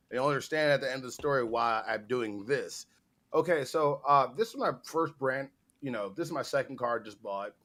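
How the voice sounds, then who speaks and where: A man's voice: mid-range voice, fairly bright tone. A man co-hosting a casual podcast, talking in a rambling, profane way. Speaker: podcast co-host. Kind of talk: casual chat.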